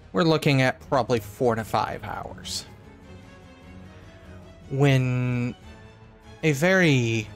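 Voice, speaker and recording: A man narrating as storyteller in a tabletop horror game, speaking in a measured way with pauses. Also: medium pitch.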